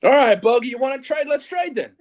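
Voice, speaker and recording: High lively guy talking football smack, swearing, brash. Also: a little fast. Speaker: league member guest. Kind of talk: casual fantasy football chat.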